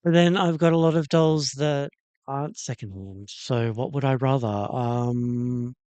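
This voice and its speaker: Male livestream host, unhurried, hesitant and rambling, dry close sound. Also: medium pitch, fairly even intonation, darkish tone, clear, resonant tone, dry recording. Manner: rambling, hesitant, lots of ums and uhs. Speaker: toy restoration livestream host. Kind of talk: casual livestream chat reacting to a video.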